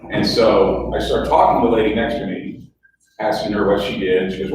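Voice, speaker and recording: A man's voice: lowish voice, steady tone, brisk, noisy background. A middle-aged man, a guest speaker telling chatty, self-mocking stories with quoted dialogue at a club lunch. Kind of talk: storytelling talk at a club lunch. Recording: echoey room heard from a distance.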